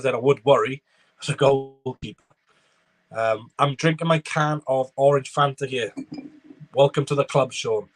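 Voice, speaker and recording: A young man streaming a live football watchalong, giving running commentary and chatting with viewers. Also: mid-range voice. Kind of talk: live match reaction with chat replies.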